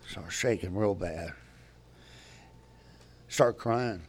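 A man's voice: sits low, very slow, slightly rough. An older man telling his personal recovery story at a meeting, candid and rambling, often restarting his sentences.

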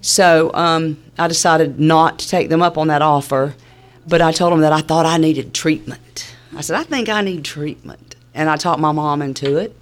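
She speaks at normal speed in a low, level voice with few pauses. Telling her own recovery story, this Southern-accented woman keeps it humorous and laid-back, drawling and leaning on fillers.

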